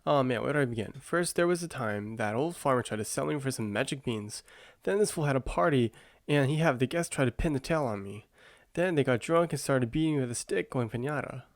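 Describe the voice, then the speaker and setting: A man's voice: mid-range voice, expressive, no echo, clean studio sound, lightly acted. A man murmuring as a rambling donkey. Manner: rambling and quick. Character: chatty jittery male donkey. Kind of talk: whispered role-play.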